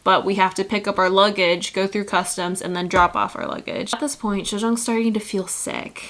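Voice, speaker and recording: A woman's voice: medium pitch, fairly even intonation, normal speed, a bit bright, a little hiss or hum. Chatty woman telling a travel story. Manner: chatty, heavy use of "like", acts out quoted people. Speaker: vlogger. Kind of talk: casual storytelling to camera.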